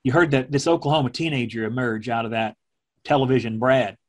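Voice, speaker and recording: Slow, measured middle-aged man. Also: mid-range voice, steady tone. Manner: slow, measured, speaking from the diaphragm. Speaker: former television meteorologist. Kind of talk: emotional personal recollection.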